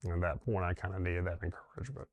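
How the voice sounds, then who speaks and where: A middle-aged man, a dentist, telling his wife's story in a halting, heartfelt way, with many pauses and fillers. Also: low-pitched, a little mellow. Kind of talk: personal reflective storytelling.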